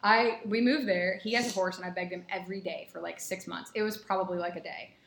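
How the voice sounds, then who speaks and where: A woman guest who grew up in a small American country town, telling lively stories in casual podcast chat, peppered with "like". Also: fairly low pitch, fast, gravelly. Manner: animated storyteller, full of "like" fillers. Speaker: guest, personal trainer. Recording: echoey room.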